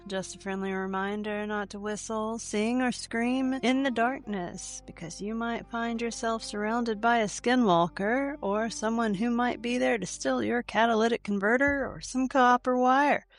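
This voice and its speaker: A woman's voice: fairly high pitch, a little slow, few pauses, faint music behind. A woman hosting a casual solo podcast, talking in a wry, irreverent way full of joking asides. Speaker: podcast host.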